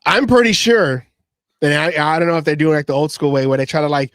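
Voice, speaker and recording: A man hosting a casual sports talk show, animated and stammering as he repeats words. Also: on the high side, fast talker, no echo. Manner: mimics others in quoted voices. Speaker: podcast host.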